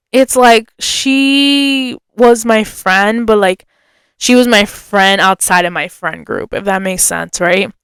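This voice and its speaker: A woman hosting her own podcast tells a story in a loose, chatty way, full of "like" fillers. Her voice sits a little high and comes across smooth and clear, recorded close and dry. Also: a bit bright, no echo. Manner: acts out quoted voices with pitch jumps. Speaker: podcast host. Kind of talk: casual storytelling.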